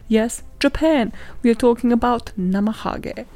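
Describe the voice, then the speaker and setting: A young woman hosting a podcast, telling stories in a casual, sweary, animated way and laughing often. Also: fairly high pitch, unhurried, dry recording. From not British, lives in London. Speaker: podcast host. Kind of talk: casual chatty storytelling.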